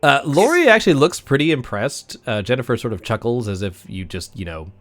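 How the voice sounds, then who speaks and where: A man running a tabletop game, narrating scenes in a relaxed way and often breaking into laughter. His pitch rises and falls in a lively, animated way, at a middle register. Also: a little fast, faint music behind. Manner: relaxed, laughing, lots of uhs. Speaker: game master.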